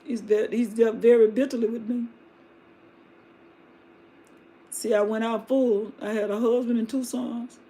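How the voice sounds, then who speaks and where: A woman's voice: fairly high pitch, little pitch movement, moderate pace, warm tone, a little hiss or hum, close to an everyday voice. A woman voicing a grieving aging widow who pleads with her daughters-in-law in a folksy, weary way during a live Bible retelling. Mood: bitter.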